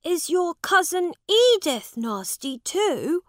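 A woman voicing a young boy king who is proud and earnest, speaking in a high, commanding voice. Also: big pitch swings, slow, no echo, studio quality, full character voice.

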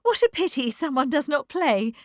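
A woman reading aloud plays an excitable young wife who gushes in a raised, breathless voice. Her pitch leaps and falls in a lively way, and the delivery is unhurried, in a dry, close recording. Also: no echo. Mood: excited. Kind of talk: audiobook character voice.

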